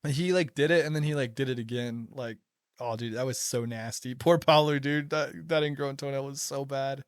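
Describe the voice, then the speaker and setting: Excitable young man telling stories. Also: mid-range voice, normal speed, clean tone, no room sound, clean studio sound. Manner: laughs a lot, excitable storytelling. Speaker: podcast host. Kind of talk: casual chat.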